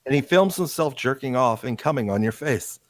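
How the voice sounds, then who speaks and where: A man's voice: mid-range voice, expressive, fairly quick, no echo. A man co-hosting a stream, telling crude stories casually. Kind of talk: casual chat.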